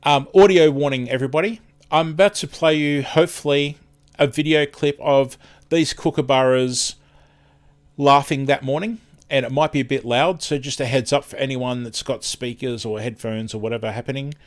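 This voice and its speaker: A chatty Australian man hosts a live stream in an easygoing, rambling way. His voice sits at an ordinary middle pitch, and his sentences often trail off and start over as he loses his words. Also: steady tone, normal speed. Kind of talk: casual live-stream chat.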